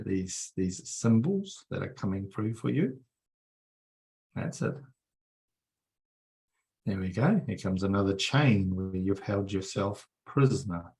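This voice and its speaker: A man leading a guided energy-healing meditation for a group, coaxing softly and repeating himself, with many fillers. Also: lowish voice.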